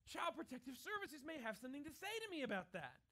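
A middle-aged man with a very high voice preaches a sermon. He talks in a chatty, conversational way and keeps checking in with "right?". For his main points he drops into a hushed, intense delivery. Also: big pitch swings, fast. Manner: drops to a quiet, low, intense voice for key points. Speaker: pastor.

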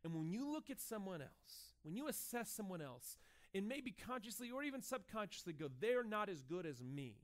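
A man in his thirties preaching a sermon in a conversational, animated way, acting out short dialogues as he goes. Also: high-pitched, normal speed. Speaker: pastor.

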